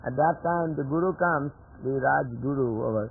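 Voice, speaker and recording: A man's voice: mid-range voice, normal speed, gravelly, husky. A man giving a devotional scripture lecture in a chatty storytelling way, chuckling at his own jokes, heard on a tinny lo-fi 1980s tape.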